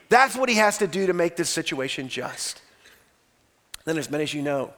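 Male preacher, high voice, dramatic sermon storyteller who swings between loud and hushed. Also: big pitch swings, normal speed, pauses often. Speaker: pastor.

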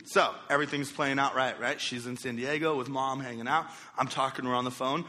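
Goofy animated young pastor in an echoey hall. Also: male voice, medium pitch, a little fast. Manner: goofy, animated, self-deprecating storytelling. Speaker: youth pastor. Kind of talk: storytelling sermon.

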